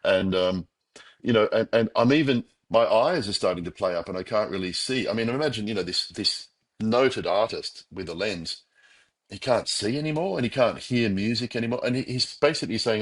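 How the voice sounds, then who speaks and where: Husky low-voiced Australian man. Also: fairly quick. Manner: reflective, animated, frequent restarts and quoted inner voices. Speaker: podcast guest. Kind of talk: conversational interview storytelling.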